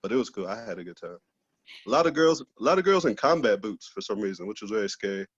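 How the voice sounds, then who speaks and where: A man's voice: lowish voice, very animated, quick pace, slightly rough, no echo, dull audio. A man doing a loose, profane stand-up set over a video call, laughing at his own jokes. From Texas, USA. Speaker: stand-up comedian.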